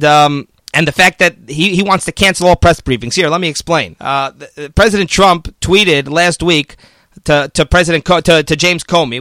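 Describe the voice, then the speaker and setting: A man with a slightly high, somewhat bright voice hosts a political commentary show, speaking casually and argumentatively and often mocking the media with quoted voices. There's no room sound in the recording.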